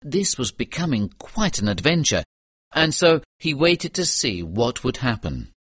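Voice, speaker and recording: A man narrates a storybook in a clear, measured manner, his pitch moving freely up and down. The recording is dry and close, with no room sound. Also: sing-song, fairly bright tone, dry recording. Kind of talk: scripted audiobook narration.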